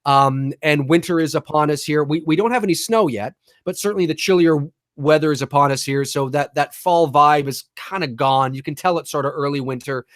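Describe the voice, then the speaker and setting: A man co-hosting a casual live-stream podcast, rambling and animated, swearing casually and sometimes restarting his sentences. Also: on the high side, brisk, few pauses, no room sound, clean studio sound. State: talking with a lozenge in his mouth. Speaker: podcast co-host.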